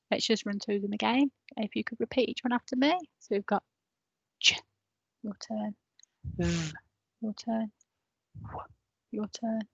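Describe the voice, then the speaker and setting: Over poor, dry audio, a woman teacher with a medium-pitched, slightly bright voice guides parents through an online phonics lesson. Patiently, she sounds out each letter slowly and prompts everyone to say it back.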